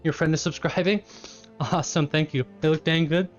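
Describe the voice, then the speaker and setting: A man's voice: fairly high pitch, steady tone, fairly quick, highs cut off, faint music behind. A man live-streaming from his home kitchen, chatting casually with his chat, laughing often and eating as he talks.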